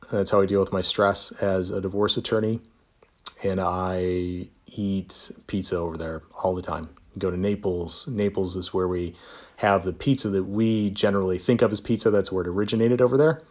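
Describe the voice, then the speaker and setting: A man's voice: sits low, steady tone, moderate pace. A man, a divorce attorney, chatting casually in a live Q&A, reading viewer comments aloud and answering with easygoing, self-deprecating humor. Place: Utah.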